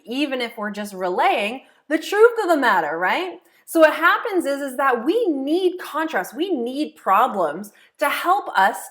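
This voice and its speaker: A woman's voice: sits high, a bit bright. A woman coach teaching a self-help method step by step, repeating key phrases and checking in with rhetorical questions. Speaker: law of attraction coach. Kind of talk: explanatory teaching monologue.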